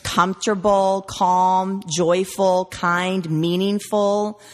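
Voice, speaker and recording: A woman's voice: medium pitch, flat delivery, extremely slow. A woman guest on an interview, a referral marketing trainer who tells stories emphatically and lists words. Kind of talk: conversational interview. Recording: long hall reverb.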